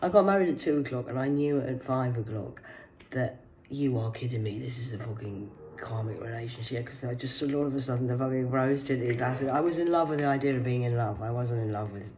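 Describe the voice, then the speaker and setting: A middle-aged woman rambles through a casual monologue, blunt and full of swearing. Her voice sits low, with a faint room ambience behind it. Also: darkish tone, slight background noise, low-quality recording.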